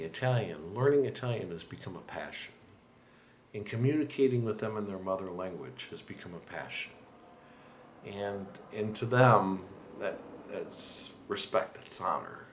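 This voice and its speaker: A deep-voiced American man from the United States hosts a language-learning video, giving learners earnest, encouraging tips to camera in a conversational style with restarts and asides. The sound is roomy, with a little hiss or hum.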